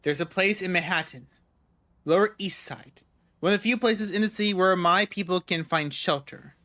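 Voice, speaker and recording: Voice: mid-range voice, normal speed, pushed and bright, dry recording, close to an everyday voice. A player voicing a nervous male informant in a story game, who gives up what he knows grudgingly and defensively.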